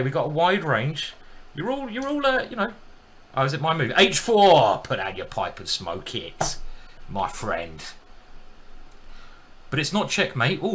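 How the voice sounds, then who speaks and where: A man commenting live on his own blitz chess games and joking with his chat in an animated, self-mocking way. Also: mid-range voice, slight background noise. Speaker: chess streamer.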